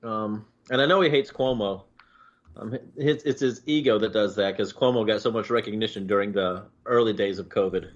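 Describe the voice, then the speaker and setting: A man's voice: fairly low pitch, normal speed. Dry-spoken man guest, muffled sound. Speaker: podcast guest. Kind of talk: casual political chat. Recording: dull lo-fi sound.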